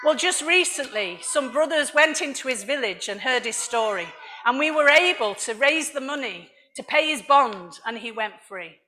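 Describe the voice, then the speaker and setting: A middle-aged woman from Liverpool, giving an animated sermon with personal testimony and frequent laughs. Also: high voice, moderate pace. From Liverpool, England. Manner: animated storytelling, laughs often. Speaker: church speaker.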